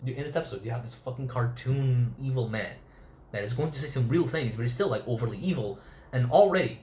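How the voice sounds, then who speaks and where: A man's voice: medium pitch, expressive, fast talker, darkish tone, roomy sound, slight background noise. A man giving a casual, chatty review of an anime episode, swearing freely and acting out characters' lines. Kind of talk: casual video review commentary.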